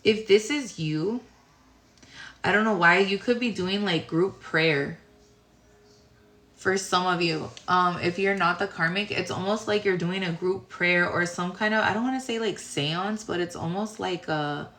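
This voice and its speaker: A woman's voice: fairly low pitch, unhurried, a bit bright. A woman giving a casual tarot reading to viewers, rambling and searching for words, sounding tired. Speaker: tarot reader. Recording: roomy echo.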